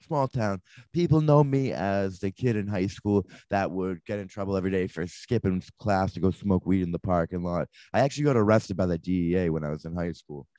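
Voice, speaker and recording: A young man from the area, hosting a podcast in a relaxed, halting way. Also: low voice, no echo. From Boston area. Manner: relaxed, halting, filler-heavy. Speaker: podcast host. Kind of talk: casual podcast chat.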